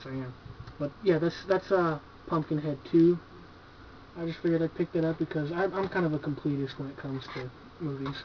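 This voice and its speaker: A man's voice: a little high, moderate pace, slight background noise. A man casually reviewing horror movies from his collection at home, laid-back and enthusiastic, swearing freely and filling his talk with "like" and "you know.". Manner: laid-back, profane, enthusiastic, filler-heavy. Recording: dull lo-fi home video recording.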